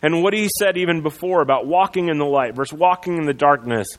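A man's voice: on the high side, fast, big-room sound, poor audio. A man preaching a sermon as pastor, in a conversational way with many fillers and restarts.

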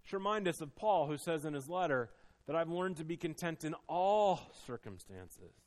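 A man delivers a sermon in a voice pitched a little above the usual. He talks earnestly and personally, dropping to a hushed, confessional tone and then rising into firm, emphatic preaching. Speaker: pastor.

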